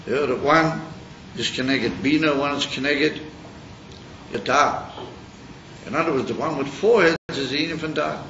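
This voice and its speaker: Guy giving a torah class, kinda high voice, stops and restarts a lot, roomy muffled tape with hiss. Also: fairly bright tone. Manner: halting, searching for words, mixing Yiddish and Hebrew terms. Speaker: rabbi teaching Chassidus. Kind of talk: informal Torah lecture with a story. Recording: roomy, dull, noisy recording.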